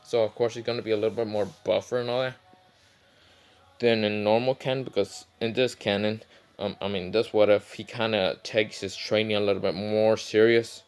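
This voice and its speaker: A man's voice: lowish voice, fairly even intonation, normal speed, smooth, soft background music. A man casually retelling his own fan-fiction story, rambling with many fillers and side remarks.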